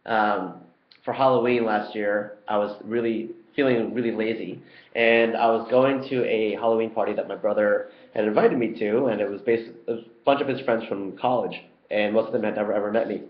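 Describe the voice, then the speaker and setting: A young man answers community questions in a loose, conversational way, pausing often with ums and uhs. His voice sits fairly low. The sound is roomy and a bit dull and lo-fi. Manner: relaxed and chatty, many ums and uhs. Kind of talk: casual Q&A video.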